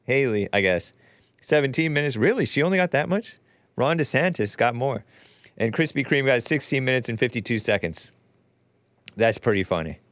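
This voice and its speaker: A man hosts a casual live-stream show, working through viewer messages in a loose, joking manner. His voice sits at an ordinary middle pitch. The sound is dry and close, with little room around it. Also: animated, moderate pace, fairly bright tone, no echo. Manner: wry, chuckling, offhand asides. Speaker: talk show host.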